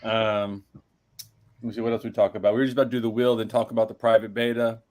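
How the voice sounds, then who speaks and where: A man's voice: lowish voice, flat delivery, fast, darkish tone. A man co-hosting a casual podcast, telling stories in a rambling, hesitant way. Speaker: podcast co-host. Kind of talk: casual chat.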